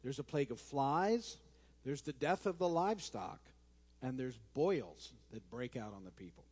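Chatty pastor preaching in a reverberant church. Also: male voice, mid-range voice, very animated, moderate pace, a little mellow. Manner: conversational, chatty with frequent restarts and asides. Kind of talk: sermon. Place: church sanctuary. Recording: long hall reverb in a church.

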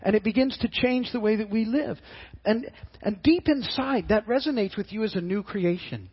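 A middle-aged man preaching a sermon as pastor, earnest and halting, often repeating his words as he restarts. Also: high-pitched, slightly rough, highs cut off.

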